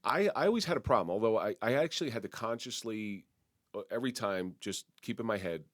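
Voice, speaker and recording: A man hosting a podcast talks in a relaxed, joking way and asks his guest questions. His voice sits fairly low and sounds close and dry, with no room echo. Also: quick pace. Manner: casual, laughs along. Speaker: podcast host. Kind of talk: conversational interview.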